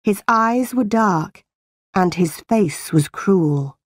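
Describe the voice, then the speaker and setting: A woman narrating a graded-reader storybook in a clear, deliberate way. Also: mid-range voice, expressive, dry recording, studio quality.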